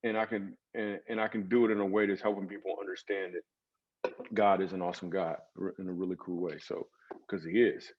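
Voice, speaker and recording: A man, a comedian guest in an interview, telling stories in a lively comic way with acted asides. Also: sits low, brisk, muffled recording. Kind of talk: storytelling interview talk.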